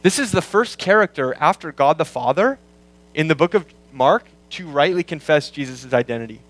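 A pastor working through a scripture passage in a sermon, explaining word meanings and repeating key lines for emphasis. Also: male voice, a little high, lively intonation, a bit bright, low-quality recording. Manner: quotes scripture in slowed, weighty tones. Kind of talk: expository sermon.

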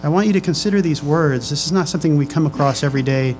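A pastor preaching a sermon to his congregation. He reads scripture slowly, then presses the room with questions, often repeating and restarting his phrases. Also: a little high, a little mellow, slight background noise, rough recording.

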